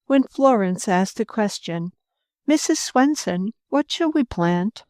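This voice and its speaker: A woman narrating an audiobook in a calm, measured reading voice, close to the mic. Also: medium pitch, no room sound. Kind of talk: scripted narration.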